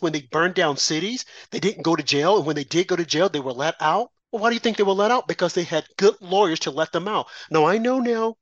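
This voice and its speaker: A man's voice: fairly high pitch, fairly bright tone, no echo, highs cut off. A middle-aged American man hosting a political talk show, delivering an emphatic, repetitive, preachy monologue. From United States. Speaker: host.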